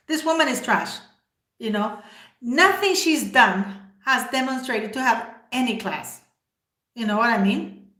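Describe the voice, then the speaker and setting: A woman's voice: fairly high pitch, expressive, measured pace, long pauses, pushed and bright. A woman hosting a livestream, giving opinionated commentary straight to her viewers and firing off rhetorical questions. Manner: emphatic, full of rhetorical questions. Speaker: livestream host. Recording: roomy echo.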